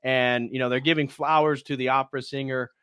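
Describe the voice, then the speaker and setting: A man's voice: mid-range voice, level tone, a little fast, a bit bright, clear, resonant tone, no room sound, clean studio sound. A man hosting a casual movie review on a live stream, retelling scenes and now and then acting out the characters' lines. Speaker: host.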